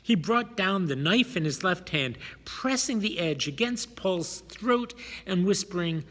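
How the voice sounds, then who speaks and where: A man reading a dramatic story aloud with expressive emphasis. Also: high-pitched, measured pace. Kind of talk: dramatic audiobook narration. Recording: long hall reverb.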